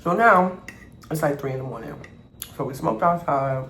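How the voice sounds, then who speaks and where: A man vlogger telling a storytime over an eating show, animated and acting out the people in his story. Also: a little high, moderate pace. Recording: echoey room, faint background noise.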